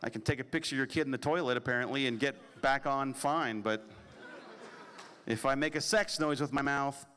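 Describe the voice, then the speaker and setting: A man telling a comic story at a convention panel, animated and profane, acting out the other people in it. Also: medium pitch, fairly quick. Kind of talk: comedic storytelling at a live panel. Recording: echoey convention hall.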